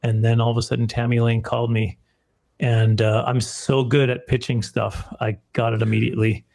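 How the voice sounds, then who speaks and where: A man's voice: medium pitch, little pitch movement, moderate pace, gravelly, darkish tone. A man, a film producer, telling a long rambling story in a casual interview, self-deprecating and often restarting his sentences.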